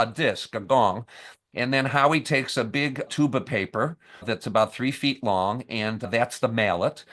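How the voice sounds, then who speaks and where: A man guesting on a podcast, telling a training story with energy and acting out the lines people say. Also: mid-range voice. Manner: lively storyteller, acts out scenes with quoted lines. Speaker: podcast guest, camp staff trainer and author. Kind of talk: conversational interview.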